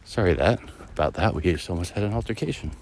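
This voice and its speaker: A podcast host walks his dog through a neighborhood outdoors, talking fast in a low voice with slight background noise. His monologue is loose, rambling, and reflective, full of fillers and restarts.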